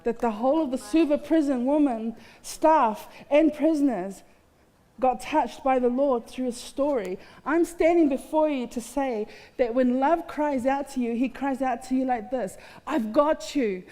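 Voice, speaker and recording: A woman with a high-pitched, dark-toned voice speaks at normal speed. Appearing as a festival guest speaker in a large hall, she gives a sincere, candid testimony touched with self-mockery. The recording carries a long hall reverb.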